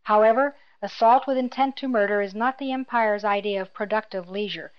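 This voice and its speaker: A woman voicing a cold, menacing male imperial officer who speaks in a quiet, clipped, mocking tone, in a slightly dull lo-fi recording. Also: medium pitch, brisk, clear, resonant tone, lightly acted.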